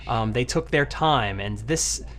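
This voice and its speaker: A man's voice: medium pitch, lively intonation, unhurried, fairly bright tone, a little hiss or hum. A man giving casual commentary over his own old anime videos, rambling, with many fillers and restarts.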